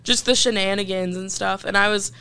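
A young woman hosting a podcast, chatting casually and teasing her guest with quick jokes. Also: medium pitch, steady tone, sharp tone, clean tone. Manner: quick, joking interjections. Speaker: podcast host. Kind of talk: casual chat.

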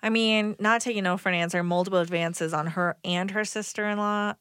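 A woman's voice: medium pitch, fairly even intonation, brisk, fairly bright tone, clear, resonant tone, no echo, studio quality. A woman co-hosting a podcast, chatting casually and agreeably with short replies. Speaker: podcast co-host. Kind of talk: casual chat.

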